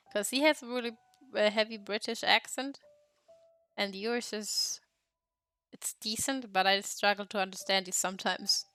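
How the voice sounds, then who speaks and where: A young woman chats loosely while she draws. Her talk is rambling and giggly, with plenty of swearing, at a middling pitch. Soft music plays faintly underneath. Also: steady tone, unhurried, long pauses, dry recording. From Germany. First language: German. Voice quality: laughs often, swears freely, rambling. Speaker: streamer. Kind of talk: casual chat while drawing.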